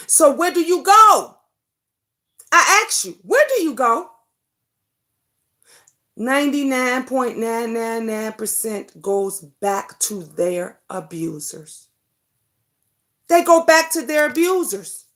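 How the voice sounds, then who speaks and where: A woman's voice: high-pitched, a bit bright. A woman hosting a livestream talk show, speaking fervently, swearing freely, addressing viewers by name, and hammering home repeated rhetorical questions. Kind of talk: impassioned casual livestream talk.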